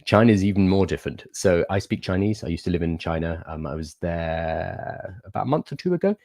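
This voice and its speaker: Guy chatting on a livestream, low voice, dry close sound, explains stuff easy going. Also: expressive, brisk, creaky, a little mellow, dry recording. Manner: chatty, explanatory, answers viewer questions. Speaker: livestream host. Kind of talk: casual livestream chat.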